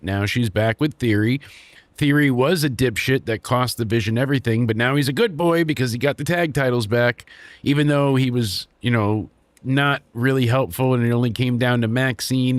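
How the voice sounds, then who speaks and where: A man's voice: medium pitch, no echo. Young man, sarcastic, swears a lot, wrestling recap, dry close sound. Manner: sarcastic, crude, acts out quotes. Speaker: podcast host reviewing wrestling. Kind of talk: casual profane recap.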